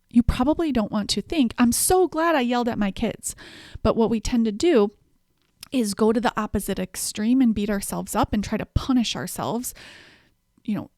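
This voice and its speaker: A woman's voice: medium pitch, darkish tone, no room sound, clean studio sound. A woman hosting a self-help podcast, walking through numbered tips in an encouraging coaching tone. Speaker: podcast host.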